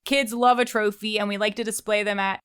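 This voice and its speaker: A woman's voice: mid-range voice, fairly even intonation, brisk, fairly bright tone, clear, resonant tone. A woman co-hosting a podcast, chatting with bubbly enthusiasm. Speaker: podcast co-host. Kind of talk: casual podcast chat.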